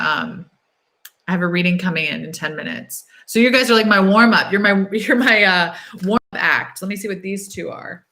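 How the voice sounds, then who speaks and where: A woman's voice: on the low side, sharp tone. A young woman reading tarot cards on a casual livestream, chatting loosely with many "um"s and "like"s, upbeat and encouraging. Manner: chatty, thinks aloud, fills pauses with "um" and "like". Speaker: tarot reader hosting a livestream. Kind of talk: casual live-stream chat.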